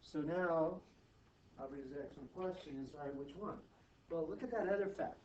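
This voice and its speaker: A man teaching math to students, brisk and teasing, often checking in with quick questions. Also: a little high, a little mellow. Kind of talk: classroom tutoring. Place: classroom. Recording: distant, muffled, noisy classroom recording.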